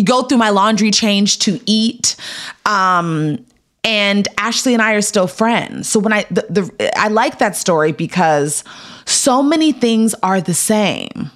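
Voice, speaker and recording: A woman in her thirties, an actress guest on a podcast, telling a personal story in casual chat and acting out what people said to her. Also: mid-range voice. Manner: animated, acts out quotes in raised voices.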